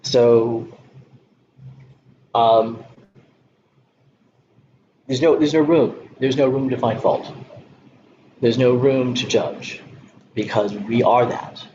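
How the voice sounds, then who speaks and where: A man giving a Zen dharma talk, speaking in a halting way with many pauses and soft laughs. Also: medium pitch, steady tone. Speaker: Zen teacher. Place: meditation hall. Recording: dull lo-fi recording with background noise.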